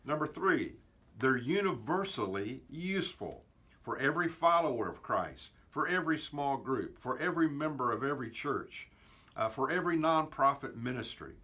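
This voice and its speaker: A man's voice: medium pitch, animated, normal speed, sharp tone, slightly rough. An older man, a pastor, giving an earnest weekly teaching talk, counting off his numbered points with emphasis.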